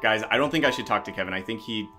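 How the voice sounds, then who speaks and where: A man giving excited, animated commentary while playing a video game, often exclaiming and reading chat aloud. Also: fairly low pitch, racing. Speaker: gaming YouTuber. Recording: music playing under the voice.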